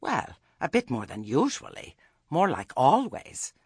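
A man's voice: medium pitch, huge pitch swings, a little slow, a little mellow, slightly rough, no echo, studio quality, voice pushed up, heavily acted. A man voicing a chatty, anxious elderly village witch who talks in a nervous, hesitant, homely way. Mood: uneasy.

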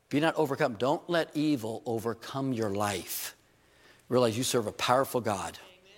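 A man preaching a sermon in a church, animated and joking, with rhetorical questions to his congregation. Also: medium pitch. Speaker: pastor. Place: church hall. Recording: reverberant church hall.

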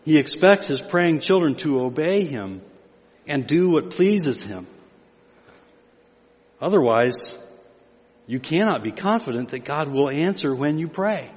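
An older male pastor preaches with a fairly high voice, pushing pitch and volume up on his key lines. His words ring with a long hall reverb from the church sanctuary around him. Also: lively intonation, measured pace, long pauses. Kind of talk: sermon.

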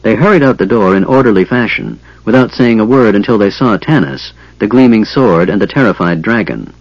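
A man narrating an audiobook in a measured, expressive manner. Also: fairly low pitch, no echo, highs cut off. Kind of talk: scripted narration.

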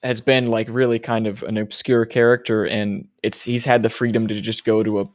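A man's voice: lowish voice, little pitch movement, fairly quick, no room sound, studio quality. A man chatting casually on a podcast panel, agreeable and enthusiastic. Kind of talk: casual chat.

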